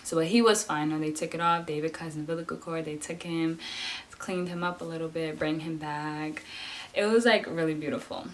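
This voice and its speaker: A young woman vlogger telling a personal story in a casual way, animated, often saying "like" and acting out what others said. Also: deep voice, fairly quick, slight background noise. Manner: animated, acts out voices of nurses and husband; fills talk with "like".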